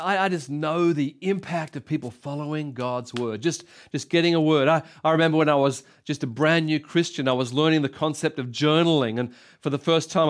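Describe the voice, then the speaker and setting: A man in his sixties with an Australian accent preaching a sermon, emphatic and repetitive, swinging between loud and soft. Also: fairly high pitch. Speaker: pastor.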